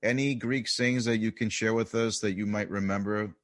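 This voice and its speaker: Host, somewhat low voice, friendly and structured, casual interview questions. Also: male voice, fairly even intonation, normal speed. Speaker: podcast host.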